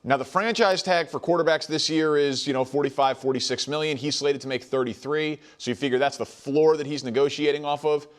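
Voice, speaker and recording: Brisk, stat-heavy male sports host. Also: fairly high pitch, fairly even intonation. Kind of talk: sports debate talk.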